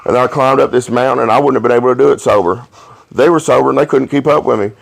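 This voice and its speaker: A man hosting a podcast, telling rowdy stories in a profane, animated way and laughing along. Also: mid-range voice, racing, vocal fry. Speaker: podcast host. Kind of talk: casual storytelling chat.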